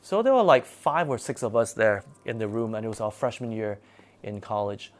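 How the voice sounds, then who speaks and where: A man telling a spooky personal story in a casual, animated and dramatic way. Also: fairly low pitch, moderate pace.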